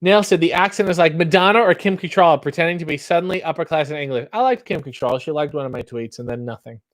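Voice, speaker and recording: A man's voice: fairly high pitch, fast talker, no echo. A man hosting a casual livestream, reading bawdy limericks in a mock-theatrical voice and dropping into dry asides while reading chat.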